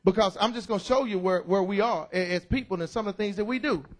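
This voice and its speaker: A middle-aged man preaching a loud, excited sermon in church, calling out to the congregation. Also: high voice, fast. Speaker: pastor. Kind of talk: energetic sermon.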